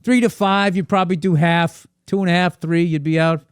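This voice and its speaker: A man's voice: high voice, brisk, clear, resonant tone, no room sound, studio quality. A comedian guest telling a long, profane story on a podcast, laughing as he goes. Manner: profane, animated, laughs through his story.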